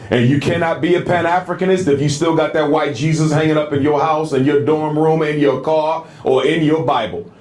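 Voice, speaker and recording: High-voiced man preaching in an echoey hall. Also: darkish tone, a little hiss or hum. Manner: rhythmic, repetitive oratory with rising emphasis. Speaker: speaker addressing students. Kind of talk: impassioned lecture speech. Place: university lecture hall.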